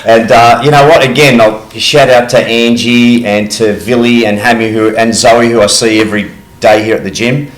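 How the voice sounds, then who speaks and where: A man's voice: mid-range voice, fairly even intonation, normal speed, hardly any pauses, a little hiss or hum. Cheerful Australian man in an echoey room. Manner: good-humoured, self-deprecating. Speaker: podcast guest.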